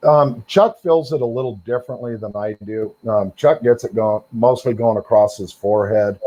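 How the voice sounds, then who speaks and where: A man's voice: lowish voice, normal speed, dark tone. A middle-aged man, a guest on a call, telling his story casually and rambling, with lots of fillers and repeated words. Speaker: guest sharing encounters.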